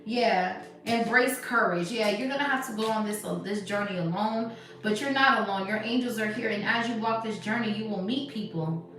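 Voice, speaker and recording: A woman doing a live tarot reading in casual, slangy chat, talking emphatically and sometimes dropping to a soft hush. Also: medium pitch, moderate pace. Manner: animated, emphatic, swings to soft hushed stretches. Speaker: tarot reader. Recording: echoey room, voice distant from mic, music behind. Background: background music.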